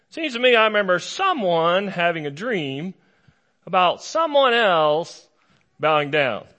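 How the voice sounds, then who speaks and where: A man's voice: mid-range voice, bright, forceful tone. A middle-aged male pastor preaching a humorous sermon, retelling a story playfully and acting out the quotes.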